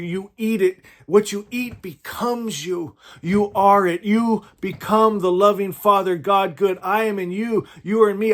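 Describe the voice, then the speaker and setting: Guy with a pretty high voice doing a laid-back sermon, earnest, keeps restarting and going "right?". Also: a bit bright. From California, USA. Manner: earnest, rambling, with frequent restarts and "right?" asides. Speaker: spiritual teacher. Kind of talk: informal sermon with personal stories.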